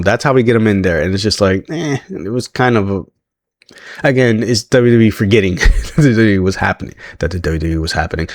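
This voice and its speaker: A man with a somewhat low voice talks through a wrestling show recap in a loose, rambling way. He laughs often and trips over his sentences. The sound is dry and close, with no room echo. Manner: chatty, laughs often, frequent restarts.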